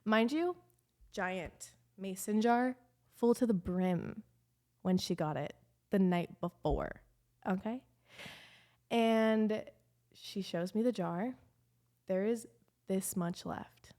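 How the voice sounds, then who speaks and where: A young woman hosting a podcast, telling a story in a candid, animated way and swearing freely. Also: mid-range voice, takes it slowly, long pauses. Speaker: podcast host. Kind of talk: casual storytime chat.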